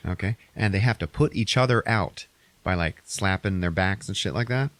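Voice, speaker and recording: A man talks through a movie plot on a podcast, casual and full of swearing. His voice sits low. The sound is dry and close, with no room around it. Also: moderate pace, no echo. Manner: profane, animated retelling with put-on quotes. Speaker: podcast host.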